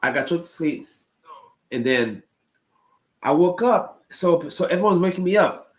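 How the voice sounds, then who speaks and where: A man with a somewhat high voice tells stories to his stream chat in a loose, casual way. He rambles, circles back and repeats his phrases, with plenty of ums and restarts. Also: lively intonation, measured pace, poor audio. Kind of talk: casual storytelling to a live chat.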